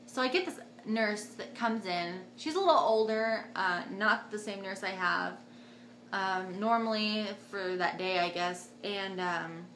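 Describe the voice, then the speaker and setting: A young woman vlogger casually telling a personal story to camera, chatty and animated, acting out what others said with sudden jumps in pitch. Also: a little slow, echoey room, a little hiss or hum.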